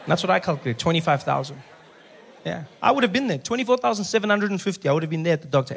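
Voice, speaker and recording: A stand-up comedian telling a story in a punchy, deadpan way. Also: male voice, high voice, very fast, creaky, a little hiss or hum. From South Africa.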